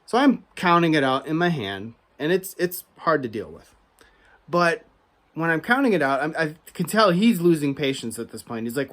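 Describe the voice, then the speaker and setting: A man's voice: a little high, normal speed. A man hosting a card collecting channel, telling a story as a rant, chatty and full of asides, growing heated and emphatic. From United States. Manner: animated, grows heated and emphatic; conversational, frequent asides and restarts.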